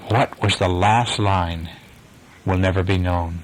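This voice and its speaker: A man's voice: low voice, steady tone, slow pace, poor audio. An older man reading a bedtime story aloud to a child, with casual asides to the listener.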